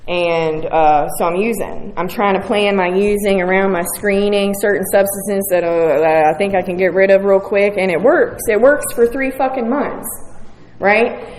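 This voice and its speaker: A medium-pitched, darkish voice at moderate pace belongs to a West Virginia woman sharing her recovery story frankly, with profanity and self-mockery. A little hiss or hum accompanies the faint audience in the roomy hall.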